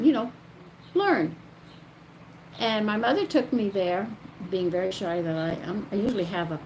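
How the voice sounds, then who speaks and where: An older grandmother telling the story of her own life, animated and emotional. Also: medium pitch, creaky, slight background noise, rough recording. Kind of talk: personal storytelling.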